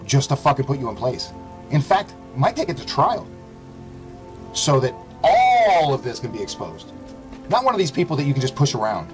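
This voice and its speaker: A man's voice: medium pitch, poor audio. A young adult male streamer delivering a sarcastic, profanity-heavy rant on his livestream.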